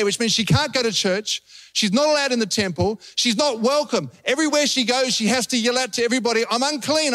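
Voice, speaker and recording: A man's voice: very high voice, no room sound. A man with an Australian accent, a pastor preaching a sermon and telling a story with acted-out voices. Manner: animated storytelling, acting out voices.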